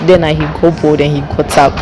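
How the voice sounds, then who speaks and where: A woman's voice: sits low, flat delivery, quick pace. A woman answering a street interviewer in an easygoing way, explaining with her own examples. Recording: noisy outdoor street.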